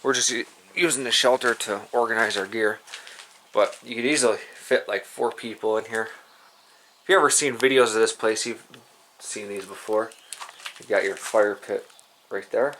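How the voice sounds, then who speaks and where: Man, casual hiking vlog, bright forceful voice, faint outdoor ambience. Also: lowish voice, normal speed, slight background noise. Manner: relaxed, rambling, many uh fillers. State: stuffed up from allergies. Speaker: vlogger. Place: outdoor campsite in woods.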